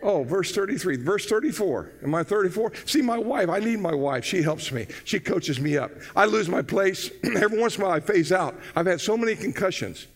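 An older man preaching a sermon, telling folksy stories and breaking into loud, excited bursts. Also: high-pitched, fairly quick, hardly any pauses. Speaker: pastor.

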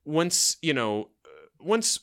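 Podcast co-host, male, playful and rambling, bright clean voice. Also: a little high, slow. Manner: animated, joking, rambling with many restarts. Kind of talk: casual movie-review chat.

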